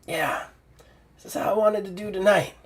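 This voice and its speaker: A man voicing a dying older woman mentor who speaks in a soft, gentle, hushed way. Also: sits high, fairly even intonation, normal speed, breathy edge, voice pushed up. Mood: tender. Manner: soft, hushed, tender delivery.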